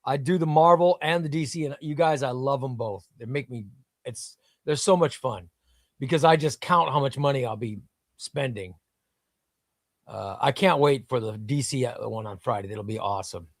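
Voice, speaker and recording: A man hosts a live comics show, chatting with casual enthusiasm, rambling, and reading out viewer comments. His voice is mid-range at normal speed, recorded dry with studio quality.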